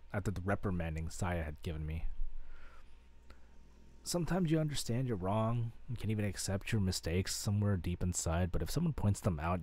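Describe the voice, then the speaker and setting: A man streaming live, reading a visual novel aloud in a relaxed, steady narration with occasional restarts. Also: low voice.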